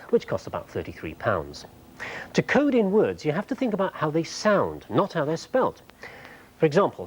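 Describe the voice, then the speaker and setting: A man presenting a TV show, explaining technology clearly with a light humorous touch in a studio. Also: medium pitch, a little mellow, rough recording.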